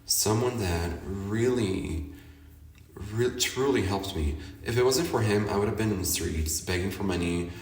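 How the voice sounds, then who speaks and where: Male podcast host, lowish voice, frank and laughing, roomy off-mic sound. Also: unhurried, recorded from a distance. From Chicago. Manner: chatty, candid, laughs often, swears. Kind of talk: casual personal monologue.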